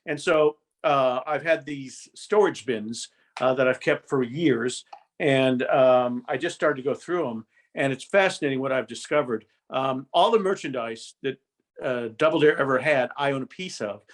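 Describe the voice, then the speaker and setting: Brief: older male guest, meandering storyteller, mid-pitched and plainly casual. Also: moderate pace. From Indiana, USA. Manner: rambling storyteller, chatty with many restarts. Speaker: guest, former game show host. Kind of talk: casual podcast interview.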